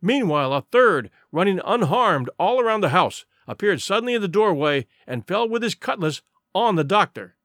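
Male narrator for an adventure audiobook; vivid and dramatic, lively pitch, dry sound. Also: normal speed, few pauses, no room sound. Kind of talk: scripted storybook narration.

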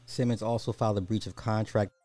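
A man's voice: lowish voice, fairly even intonation, quick pace, mellow, no echo, faint music behind. A man hosting a podcast of casual social commentary, blunt and slangy, swearing freely as he gives his opinions. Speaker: podcast host.

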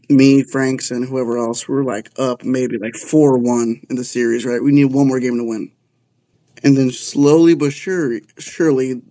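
A young man telling a gaming story in casual podcast chat, excitable and swearing freely, calling people bro. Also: mid-range voice. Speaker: podcast guest.

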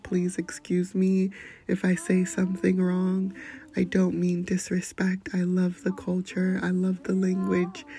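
A woman hosting a podcast, speaking gently and often slipping into a breathy near-whisper as she shares encouragement and poetry. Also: medium pitch. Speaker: podcast host. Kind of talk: gentle motivational talk and poetry reading.

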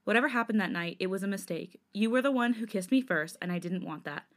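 A woman's voice: mid-range voice, quick pace, lightly acted. Brief: woman reading an angry, protective young man, snarling and harsh.

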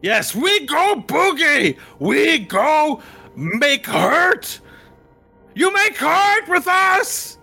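A man voicing a boastful, war-hungry goblin king who shouts in broken speech. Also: very high-pitched, big pitch swings, very slow, gravelly, soft background music, pitched above the performer's own voice, full character voice.

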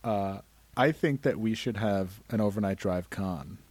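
A tired man rambles through jokes while co-hosting a casual podcast. He gets excitable and piles up loose tangents. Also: on the low side, a little slow, breathy edge, no room sound. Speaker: podcast co-host. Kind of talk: casual chat.

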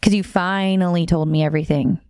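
A smooth-voiced young woman telling a story. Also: lowish voice, no echo, clean studio sound. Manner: animated and quick, often laughing mid-story. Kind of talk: casual storytelling chat.

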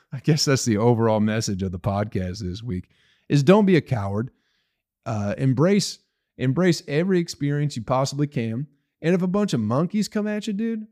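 A man from hosting a solo comedy podcast, ranting in a rambling, profane way. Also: medium pitch. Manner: profane, rambling, animated rants.

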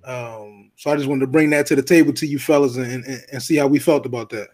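A man's voice: medium pitch, fairly even intonation, fast talker, darkish tone. A man co-hosting a casual podcast, laid-back, with lots of fillers and joking asides. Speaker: podcast co-host.

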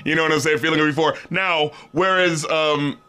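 A man co-hosts a podcast, casually chatting about an album, laughing often, acting out quotes, and swearing now and then. His voice is a little high and a little fast, with fairly even intonation and a pushed, bright, clear, resonant tone.

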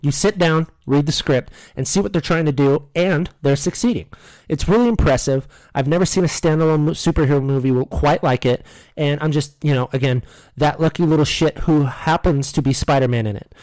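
A man's voice: fairly high pitch, brisk, a little mellow, no room sound, low-quality recording. An American man co-hosting a podcast in casual chat, joking and laughing often. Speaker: podcast co-host.

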